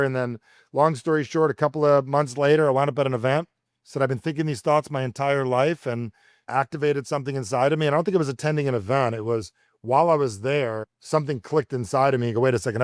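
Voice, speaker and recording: A man's voice: mid-range voice, dry recording, studio quality. A man, a communication coach, telling stories energetically as a podcast guest and acting out the voices he quotes. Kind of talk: podcast interview.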